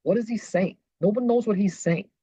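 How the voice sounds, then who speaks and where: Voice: mid-range voice, a little fast, warm tone, a little hiss or hum. A podcast host giving political commentary between clips, rebutting with indignant sarcasm. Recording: dull lo-fi dry recording.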